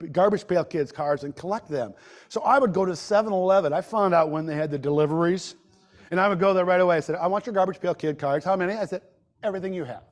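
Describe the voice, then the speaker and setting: Man telling a grieving story, halting. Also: on the high side, darkish tone. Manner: emotional, halting personal storytelling with many restarts. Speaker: grief workshop speaker. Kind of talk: live workshop storytelling. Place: medical center presentation room.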